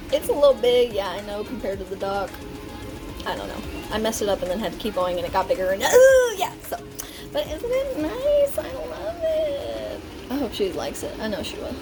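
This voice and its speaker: A young woman chatting casually in a vlog, bubbly and talkative, swearing now and then. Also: mid-range voice. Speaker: vlogger.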